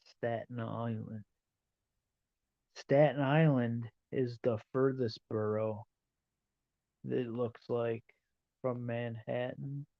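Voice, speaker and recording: A man chatting casually on a livestream, musing aloud in a slow, wandering way while he looks over a map. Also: mid-range voice, steady tone, gravelly, highs cut off.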